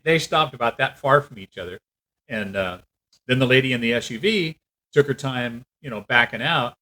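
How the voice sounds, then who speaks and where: A man telling a story in a casual rant, animated and acting out what other people said. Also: mid-range voice, rough recording. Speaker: vlogger.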